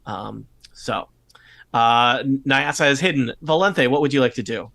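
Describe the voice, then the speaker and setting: A man narrating a tabletop game as game master, relaxed and hesitant, with many fillers. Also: medium pitch, measured pace, creaky, no echo.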